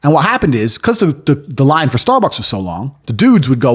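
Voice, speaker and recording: This London-based man, a podcast guest, tells boastful stories in a brash, crude style and acts out other people's lines. His mid-range voice is sing-song and a little fast, with a breathy edge, in a casual chat.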